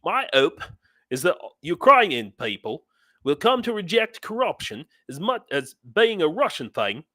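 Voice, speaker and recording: A playful, exaggerated Australian voice, put on by a man reading out a comment. It sits higher than his usual talk and has a bright edge. The recording is dry and close. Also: sing-song, measured pace, dry recording, exaggerated voice.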